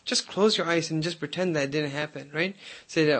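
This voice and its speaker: A man's voice: a little high, a little fast, a bit bright. A man giving a conversational sermon, telling stories and often checking in with "right?". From United States. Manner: conversational, keeps asking "right?". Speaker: preacher.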